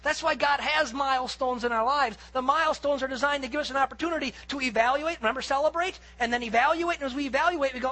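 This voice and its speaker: A pastor preaching a sermon to his congregation, earnest and emphatic, swinging between loud peaks and quiet asides. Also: extremely high pitch, fast, hardly any pauses, low-quality recording.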